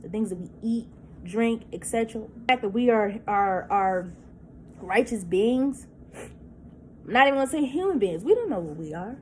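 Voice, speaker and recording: A woman's voice: on the high side, darkish tone, slight background noise, poor audio. A woman in her thirties venting in a personal vlog, upset and holding back tears, cursing and repeating herself. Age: 30s. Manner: agitated, repetitive, profane, restarts words. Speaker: vlogger. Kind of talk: emotional personal vlog rant.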